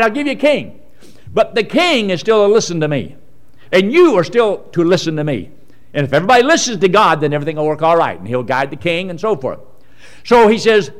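A man preaching a sermon in a folksy way, going from loud emphasis to quiet asides. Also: fairly high pitch.

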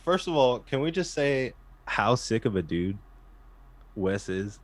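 A male musician guest chatting casually, excitable and slangy, with a heavy use of "like". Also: medium pitch, a little slow, dry recording. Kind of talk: casual chat.

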